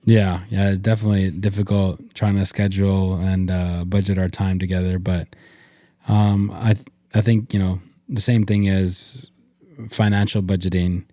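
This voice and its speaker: Co-host: young man, mellow low voice, dry close sound, supportive with slight stumbles. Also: little pitch movement, normal speed, no room sound. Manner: encouraging, with small stutters and repeats. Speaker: podcast co-host. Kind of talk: casual conversation with partner.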